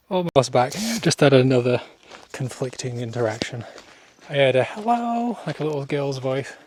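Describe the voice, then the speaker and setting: A man's voice: medium pitch, lively intonation, unhurried, darkish tone. A man talking to his camera while walking outdoors, self-deprecating and rambling, laughing often and a little out of breath. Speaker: travel vlogger. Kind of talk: casual walking vlog monologue. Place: outdoors on village paths.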